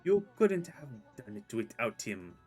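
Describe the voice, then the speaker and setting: A man's voice: mid-range voice, very animated, unhurried, a little mellow, husky, faint music behind. A man voicing a flamboyant, poetic male swordsman in a theatrical put-on French accent. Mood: grandiose. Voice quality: theatrical, grandiose.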